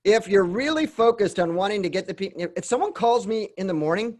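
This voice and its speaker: Guy with a pretty high voice running a sales training webinar, loose and chatty, says "right?" a lot and restarts sentences. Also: expressive, fast talker, a little mellow. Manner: conversational, keeps adding "right?" tag questions; restarts and rephrases mid-sentence. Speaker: real estate sales coach. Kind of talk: teaching webinar talk.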